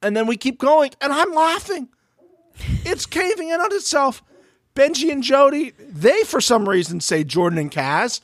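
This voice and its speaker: Animated man recapping a reality show. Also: extremely high pitch, moderate pace, no echo, studio quality. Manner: animated, swearing, acts out quotes. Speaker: podcast co-host.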